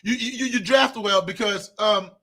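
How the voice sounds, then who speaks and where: Emphatic high-voiced man talking sports. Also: normal speed, pushed and bright, slightly rough. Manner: emphatic, repeats words when fired up. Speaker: sports talk co-host. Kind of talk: casual sports debate.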